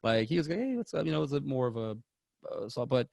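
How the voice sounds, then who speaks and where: Gravelly man telling rambling stories. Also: medium pitch, fast, a little mellow, dry recording. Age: 30s. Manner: rambling anecdotes with many restarts. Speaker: podcast co-host. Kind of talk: casual movie podcast chat.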